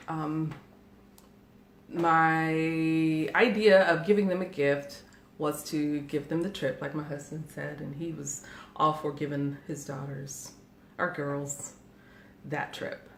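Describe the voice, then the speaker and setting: A woman in her forties telling a family story in a casual chat, animated and often laughing as she acts out what her family said. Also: low voice, slow. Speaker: podcast co-host. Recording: echoey room with faint background noise.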